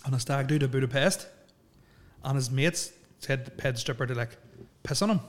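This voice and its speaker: Young man, mid-pitched, rambling and giggly, podcast storyteller. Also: normal speed, slight background noise. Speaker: podcast co-host. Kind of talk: casual chat, storytelling.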